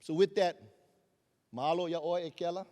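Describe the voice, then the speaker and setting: Fiery high-voiced man in a hall. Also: steady tone, brisk, mellow. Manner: fiery, rising and dropping for emphasis. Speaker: keynote speaker. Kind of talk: impassioned keynote speech. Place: large hall. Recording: long hall reverb.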